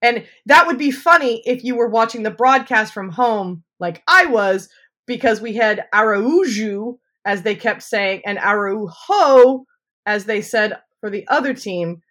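A woman co-hosting a podcast in casual chat, a loud, excitable storyteller who swears freely. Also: a little high, measured pace. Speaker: podcast co-host.

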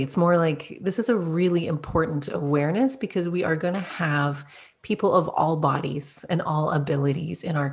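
A woman hosting a podcast, effusive and upbeat, introducing a guest and laughing often. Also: low voice. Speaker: podcast host.

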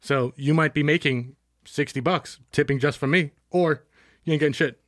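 A man's voice: fairly high pitch, moderate pace, no room sound, studio quality. A man in casual podcast chat, rowdy and jokey, swearing a lot.

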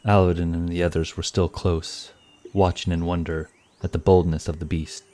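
A man narrating a fantasy story in a measured, scripted way. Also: sits low, little pitch movement, darkish tone.

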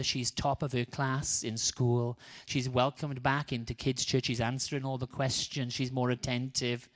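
Male preacher, mid-range voice, storytelling sermon that acts out each person. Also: mid-range voice. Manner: animated, acts out the quoted people. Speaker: guest preacher.

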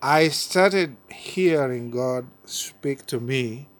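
A man's voice: mid-range voice, very slow. Earnest man telling his story. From Uganda. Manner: earnest storyteller, repeats and restarts words. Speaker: pastor. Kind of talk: personal testimony in an interview.

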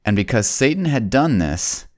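A man narrating a Bible story for children, folksy and speaking straight to the kids, slowing down and dropping his voice on solemn points. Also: big pitch swings. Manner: slows down and drops low on solemn points.

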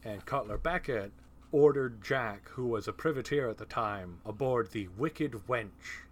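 Male host for a casual movie podcast; talks in an animated, chatty way and laughs easily. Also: medium pitch, unhurried. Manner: animated, laughing, profane asides. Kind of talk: casual film discussion.

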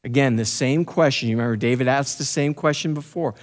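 A man's voice: mid-range voice, a little fast. A man preaching through a Bible passage, reading verses and adding casual, slangy commentary while acting out the quotes. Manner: casual slangy asides, acts out quotes loudly. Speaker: pastor teaching a Bible passage. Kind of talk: expository sermon, reading scripture and commenting.

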